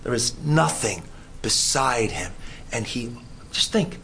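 Animated, gravelly-voiced male preacher. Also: slow, a little hiss or hum. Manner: animated preaching, rising high when voicing questions. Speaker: pastor. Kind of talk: sermon.

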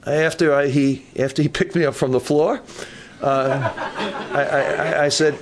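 A man's voice: a little high, fairly even intonation, unhurried, slight background noise. Folksy older male camp preacher. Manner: folksy, humorous asides with frequent restarts. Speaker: pastor. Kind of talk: sermon. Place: church camp meeting.

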